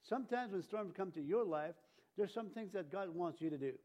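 A man preaching a sermon in a conversational way, full of fillers and restarts, with sudden loud bursts of emphasis. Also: high voice, animated, a little fast.

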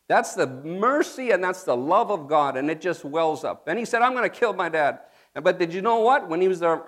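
A man preaching a sermon, emphatic and emotional, calling out for the congregation to respond and spelling out key words. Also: sits high. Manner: laughs and tears up when moved.

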